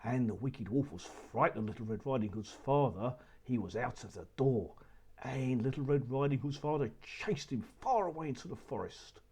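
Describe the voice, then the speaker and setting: A man narrating a children's story with an expressive, animated telling. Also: mid-range voice, normal speed.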